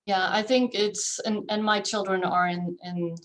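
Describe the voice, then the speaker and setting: A woman panel guest speaking thoughtfully as a parent, with some halting phrasing. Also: mid-range voice, steady tone. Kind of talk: radio panel discussion.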